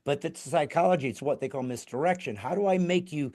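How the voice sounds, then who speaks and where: A man's voice: on the high side, a little fast, a little mellow, slight background noise. Male podcast host, eager, interjecting, conversational interview.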